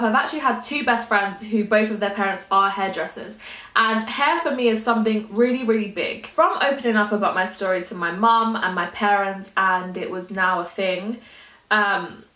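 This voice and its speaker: A woman's voice: mid-range voice, pushed and bright, echoey room. A young woman with a London accent, talking earnestly and openly to camera in a casual vlog. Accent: London English. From England. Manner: earnest, emotional, chatty, lots of "like". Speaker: YouTuber.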